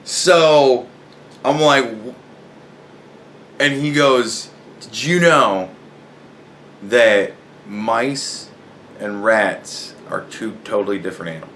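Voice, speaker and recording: A man's voice: mid-range voice, slow pace, pauses often, slight background noise. A man casually telling a funny story from work, swearing often and breaking into laughter as he goes. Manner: profane, animated, laughing a lot while telling. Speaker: podcast host.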